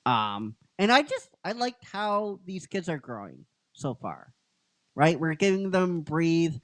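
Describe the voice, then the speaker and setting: Casting: unhurried male host, rambling recap, lively pitch, lots of fillers. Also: dry recording. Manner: rambling, filler-heavy, keeps asking "right?". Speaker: podcast host and episode writer. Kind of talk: casual chat recapping a story.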